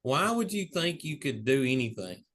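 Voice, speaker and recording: A man with a bright, forceful voice hosts a relaxed chat. He cracks wry jokes and laughs easily between remarks. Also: mid-range voice. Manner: joking, quick to laugh, wry asides. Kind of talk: casual podcast chat.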